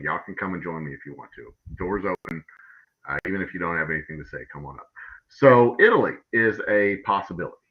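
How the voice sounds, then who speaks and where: Deep-voiced man rambling on a livestream. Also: highs cut off. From Texas. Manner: rambling, profane, many fillers and restarts. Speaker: distillery owner hosting a livestream. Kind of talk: casual livestream storytelling.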